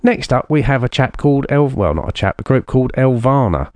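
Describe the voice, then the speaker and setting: A man presenting a radio show in a relaxed, jokey way, rambling with plenty of fillers. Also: medium pitch, a little fast, dry recording. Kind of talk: casual radio chat.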